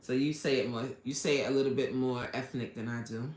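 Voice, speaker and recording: On her live stream, an East Coast woman who coaches people on life talks informally and reads viewers' comments out loud. Her voice is bass-deep and fairly quick, bouncing around an echoey room. Expressive and quick to laugh, she slips in a sermon-like "amen."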